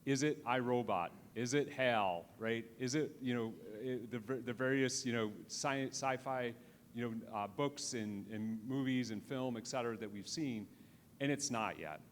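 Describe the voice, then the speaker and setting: A man's voice: mid-range voice, a little slow. A man giving a live conference lecture in a conversational way, with frequent restarts and "right?" tag questions. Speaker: conference speaker. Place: conference hall. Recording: reverberant hall with faint noise.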